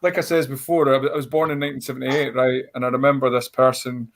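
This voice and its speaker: A Scottish stand-up comedian in his forties tells a rambling, blunt and self-mocking story on a panel show. His voice is mid-range, his tone stays level, and he talks fast.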